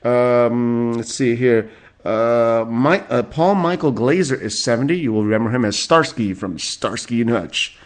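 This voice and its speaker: Hosting his podcast alone, a man in his 40s goes through celebrity birthdays, sprinkling in chuckles and wandering, profane side comments. He sounds animated and unhurried, with a medium-pitched voice.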